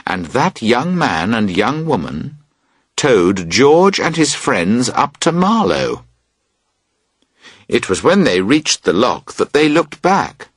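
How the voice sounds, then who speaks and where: Male audiobook narrator, husky and expressive, for a learner-level story. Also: mid-range voice, dry recording, studio quality. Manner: expressive, voices characters. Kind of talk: audiobook reading of a graded reader.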